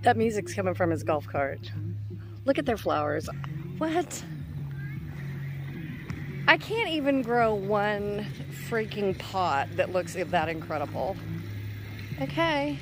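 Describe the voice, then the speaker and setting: A woman with a mid-range, sing-song voice speaks slowly and pauses often against a noisy background. She's a vlogger chatting casually to a handheld phone camera while walking outdoors on a neighborhood road, a little breathless.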